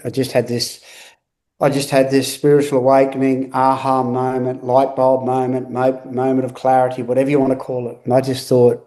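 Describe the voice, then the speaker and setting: A middle-aged man gives a candid interview about his own life. His voice is mellow and dark, earnest and a little halting, with words often repeated. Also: mid-range voice, little pitch movement. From Australia. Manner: earnest, repetitive, halting restarts. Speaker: guest.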